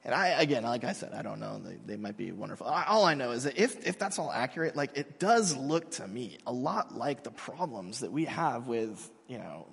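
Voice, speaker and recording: A man's voice: medium pitch, very animated, fairly quick, creaky, few pauses, husky. A man in his thirties, a pastor giving a sermon in a large hall, talking in a casual, self-mocking, conversational way.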